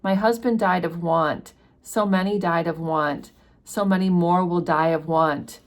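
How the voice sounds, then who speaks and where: A woman's voice: fairly low pitch, fairly even intonation, measured pace, close to an everyday voice. A woman voicing a grieving poor peasant widow who begs earnestly for help, read aloud from a classic novel. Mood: pleading. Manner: earnest, pleading.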